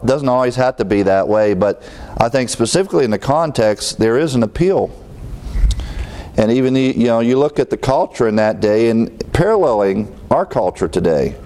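A man's voice: medium pitch, darkish tone. Man preaching, repeating phrases for emphasis. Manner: conversational, acts out little scenes with voices. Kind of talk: sermon.

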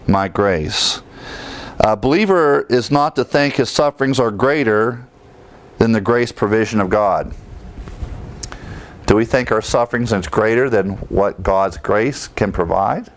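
A male preacher teaching through Bible verses, explaining them and asking his listeners rhetorical questions. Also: lowish voice. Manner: explains verse by verse, often pausing to restart.

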